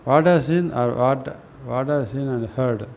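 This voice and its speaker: A man reading spiritual scripture aloud in a slow, halting way, often restarting words and clearing his throat. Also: medium pitch, a little mellow. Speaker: reader of a spiritual newsletter. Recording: dull lo-fi recording with faint noise.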